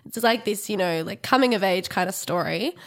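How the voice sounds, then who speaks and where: Relaxed woman with a gravelly edge. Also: mid-range voice, a little fast. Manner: relaxed, hesitant with fillers. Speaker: podcast panelist. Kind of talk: casual chat.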